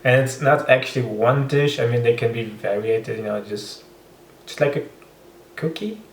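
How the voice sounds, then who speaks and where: A man from Romania with a Romanian accent, giving casual, halting reaction commentary while thinking aloud. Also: mid-range voice, gravelly, roomy sound, distant mic, slight background noise. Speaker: reaction video host.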